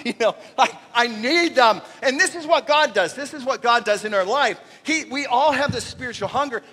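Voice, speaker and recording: Casting: male pastor, high voice, animated and joking, sermon in a reverberant church. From Canada. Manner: animated, jokey, acts out little voices. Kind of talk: conversational sermon. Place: church sanctuary. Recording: long reverb of a church hall.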